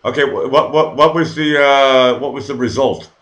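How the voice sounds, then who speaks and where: A man's voice: mid-range voice, steady tone, normal speed, fairly bright tone, muffled recording. A man hosting a casual live-stream interview, hesitant and full of fillers, swearing casually. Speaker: host.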